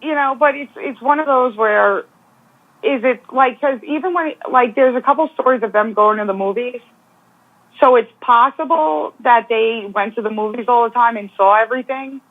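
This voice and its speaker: A woman's voice: a little high, normal speed. A woman guest giving speculative, opinionated views in a casual true-crime discussion over a phone call. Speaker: guest commentator. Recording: tinny phone line.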